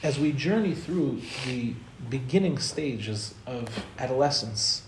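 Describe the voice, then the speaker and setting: A Torah teacher gives a spiritual talk to an audience in a slow, expressive, mid-range voice, with slight background noise, a roomy echo and faint ambience. He's conversational and tells stories, acting out the people he quotes.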